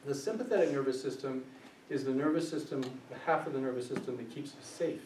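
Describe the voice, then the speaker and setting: A social worker leads a workshop, lecturing a small group in an engaging way, asking them questions as he goes and acting out quoted voices. His voice is medium-pitched and darkish, a little fast, captured from a distance in an echoey room with faint hiss.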